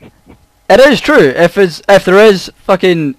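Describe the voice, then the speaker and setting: A man's voice: high-pitched, slow, no echo. A young man with a Scottish accent, chatting casually and swearing while gaming. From Scotland. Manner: swears often, animated. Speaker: co-player.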